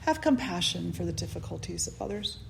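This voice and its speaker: A woman spiritual teacher giving a satsang, telling a story calmly and leading a guided meditation. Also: fairly low pitch, gravelly, slight background noise. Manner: calm, unhurried storytelling.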